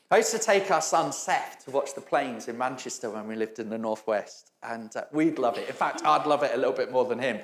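A man's voice: medium pitch, brisk, hardly any pauses, reverberant. A middle-aged man preaching a storytelling sermon, chatty and self-mocking and often laughing. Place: church hall.

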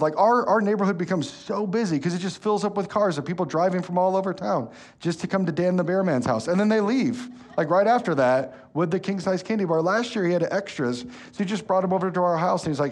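A man, preaching a sermon as pastor, telling stories with lively energy and turning soft and slow when earnest. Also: sits high. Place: church hall.

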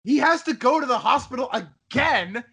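A man's voice: very high voice, expressive, normal speed, sharp tone, slightly rough. A man in casual chat, animatedly retelling a video game story and laughing as he goes.

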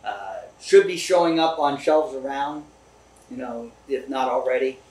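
A laid-back man chats about whiskey at a distillery, agreeable and a little halting. His mid-range voice carries a roomy echo and sits slightly away from the mic. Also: medium pitch, darkish tone. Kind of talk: casual tasting chat. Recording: roomy, from a distance.

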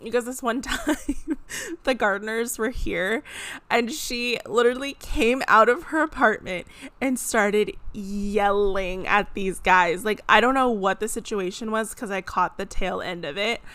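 A young woman hosting a solo podcast, venting in a chatty, animated way with many fillers. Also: medium pitch, measured pace, no room sound. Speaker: podcast host. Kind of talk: casual solo podcast rant. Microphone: podcast microphone.

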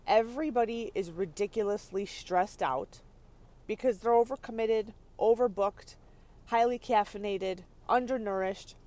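A woman podcast host teaches leadership and stress with bright, chatty energy. She speaks from her parked car on a rainy day, laughing often and pausing to check in with her listeners. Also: mid-range voice. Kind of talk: motivational teaching talk.

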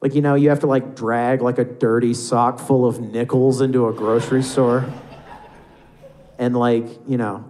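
A man's voice: mid-range voice, level tone, moderate pace, darkish tone. An American man performing a stand-up comedy set on a live club stage, rambling loosely and acting out voices.

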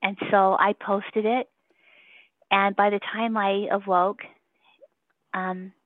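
A woman's voice: medium pitch, little pitch movement, slow pace, dry recording. A woman giving a casual phone interview, rambling and emotional, laughing often between her points. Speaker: interview guest. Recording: tinny phone line.

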